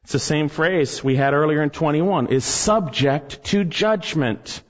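A man's voice: fairly high pitch, measured pace, in a large hall, muffled recording. A man preaching an expository sermon, building emphasis as he quotes scripture. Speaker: pastor.

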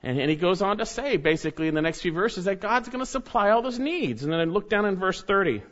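A man delivers a sermon in a voice pitched somewhat high for a man, earnest and measured. He leans into key phrases as he teaches. The recording is dull and lo-fi. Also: animated, fairly bright tone. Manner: earnest preaching, reads scripture aloud with rising emphasis. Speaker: pastor.

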